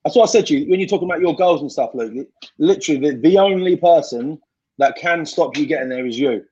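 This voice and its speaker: A man's voice: a little high, lively intonation, quick pace, dark tone, breathy edge, muffled recording. A man in casual podcast chat, blunt and sweary, giving fired-up motivational advice. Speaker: podcast guest.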